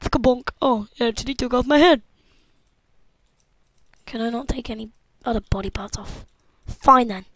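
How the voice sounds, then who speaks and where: A young woman with a bright, high voice runs casual let's-play commentary, excitable and jokey, bantering with the game as she goes. Her voice sounds close and dry, with no room around it. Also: moderate pace, long pauses, no echo, low-quality recording. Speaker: gameplay commentator.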